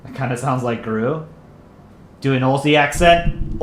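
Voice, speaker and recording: A man's voice: medium pitch, unhurried, slight background noise. A man with a mid-range voice chats casually on a livestream, joking and rambling as he reads out viewer messages. He sounds loose and self-deprecating. The room gives his voice a roomy echo, with faint ambience underneath. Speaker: livestream host and channel voice actor.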